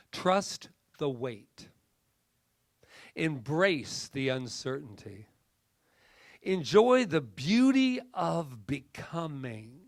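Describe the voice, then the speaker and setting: Impassioned gravelly male minister. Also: mid-range voice, dry recording. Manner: impassioned, rising to emphatic peaks then dropping to soft near-whispers. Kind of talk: sermon.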